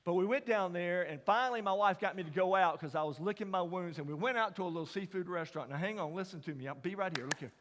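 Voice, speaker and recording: A middle-aged man preaches by telling a story, his voice pitched fairly high for a man. He slips from hushed asides into loud, ringing emphasis. The sound carries a long reverb from a large chapel hall. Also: fast talker, hardly any pauses. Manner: folksy, dramatic storyteller, drops to whispers and rises to near shouts. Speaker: chapel speaker. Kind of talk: storytelling sermon.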